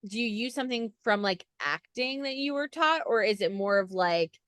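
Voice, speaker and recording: Chatty woman interviewer, higher voice. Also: expressive, normal speed, fairly bright tone, dry recording, studio quality. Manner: eager, chatty questioning. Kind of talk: casual interview.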